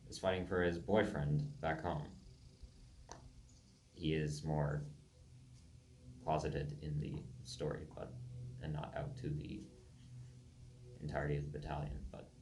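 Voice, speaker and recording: A young man with a very low, deep voice reads his own writing aloud in a casual, unpolished way. He trips over foreign names and fixes them aloud as he goes. The sound is roomy and echoey, with a faint hum behind it. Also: flat delivery, unhurried, pauses often, a little mellow. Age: young adult. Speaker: amateur writer reading his own game stories.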